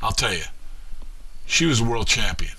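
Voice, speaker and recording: A man's voice: lowish voice, animated, pushed and bright, husky. Wry man telling stand-up stories. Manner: wry storytelling with punchline pauses. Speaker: stand-up comic. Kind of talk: seated stand-up comedy routine. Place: small venue with a live audience.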